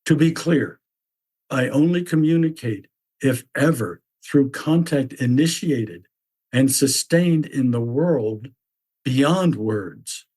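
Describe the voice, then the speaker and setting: A man voicing a stern mythic figure who lectures bluntly in a measured, repetitive way. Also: medium pitch, animated, darkish tone, husky. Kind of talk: reflective spoken essay.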